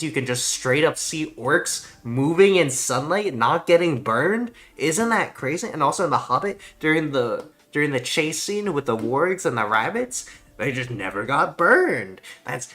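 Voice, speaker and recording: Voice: medium pitch, very animated, measured pace, few pauses, fairly bright tone. A streamer chatting casually while gaming, ranting in a rambling, profane way.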